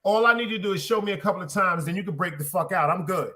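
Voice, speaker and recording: A man with a high, ringing, bright voice holds forth on his podcast in loose, profane street talk. He sounds middle-aged and talks loud and brash. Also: rapid-fire. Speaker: podcast host. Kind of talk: casual chat.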